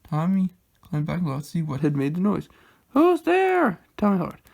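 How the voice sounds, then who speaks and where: A man reading a children's storybook aloud in a plain, unhurried manner, halting now and then. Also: a little high, gravelly, mellow. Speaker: reader.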